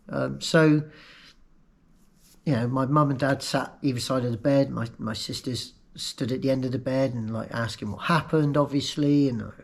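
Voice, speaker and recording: A man candidly recounting a painful personal story, emotional and halting in places. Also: medium pitch, gravelly, a little mellow. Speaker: vlogger recounting his own accident.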